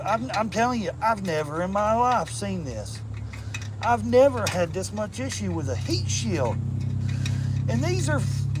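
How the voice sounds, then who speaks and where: A man with a slightly high voice and a slight lisp rambles and cusses as he wrenches on a motorcycle, chatting away to his viewers. His talk is loose and joking, and there is clear noise around him in the recording. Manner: swears freely, rambling and joking, talks to live viewers. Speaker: motorcycle vlogger. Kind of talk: casual chat while wrenching.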